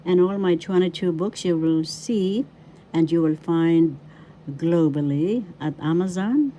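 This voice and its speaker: An older woman from the Philippines, a language teacher and author, introducing a video lesson in a formal, deliberate way and repeating her name and degrees. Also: fairly low pitch, dark tone, slight background noise. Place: her home in New York City.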